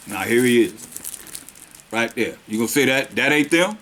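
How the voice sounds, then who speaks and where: A man teaching scripture as a preacher, reading verses slowly and then restating them in plain street talk. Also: medium pitch, expressive, fairly bright tone. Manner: slows down to stress the verses.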